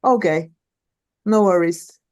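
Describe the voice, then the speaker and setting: A woman's voice: fairly low pitch, slow, a little mellow. A woman hosting a seminar, moderating a live online question session over a video call, chatty and restarting sentences. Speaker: seminar host.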